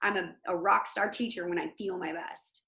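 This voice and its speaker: A woman teacher giving an informal motivational talk over a video call, chatty and animated, with lots of fillers. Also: lowish voice, normal speed, reverberant. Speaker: host of an online motivation talk.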